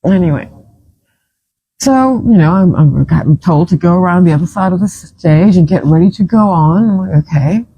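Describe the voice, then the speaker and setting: Woman, vlogger, husky, mellow tone, emotional, rambling personal story. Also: fairly low pitch, animated, normal speed, dull audio. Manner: emotional, rambling retelling with frequent restarts.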